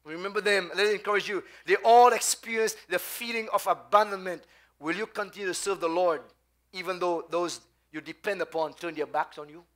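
High, bright Trinidadian pastor preaching. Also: male voice, fairly even intonation, a little fast. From Trinidad and Tobago. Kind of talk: sermon.

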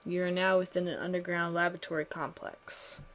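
A woman reading the lines of a calm, cryptic fellow prisoner in a game, in a quiet, measured way. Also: on the low side, a little hiss or hum, lightly acted.

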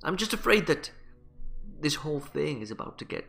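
A man voicing a shaken small-town pastor in a game, stammering and speaking softly. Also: medium pitch, lively intonation, a little slow, vocal fry, soft background music, pitched above the performer's own voice.

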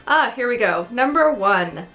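Chatty, slightly high-voiced woman vlogging, faint music under her. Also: animated, a little slow, bright, forceful tone. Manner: playful, self-deprecating, chatty. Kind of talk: casual chat.

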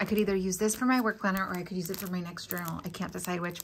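A young woman chatting casually as she unboxes mail, gushing and excitable, with frequent gasps and exclamations. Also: medium pitch, fast, few pauses, slight background noise. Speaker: stationery vlogger.

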